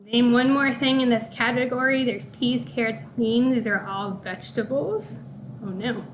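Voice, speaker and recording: A woman teacher walking young pupils through their morning work, speaking deliberately and spelling out punctuation marks. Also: on the high side, a little hiss or hum, low-quality recording. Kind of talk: recorded classroom lesson walkthrough.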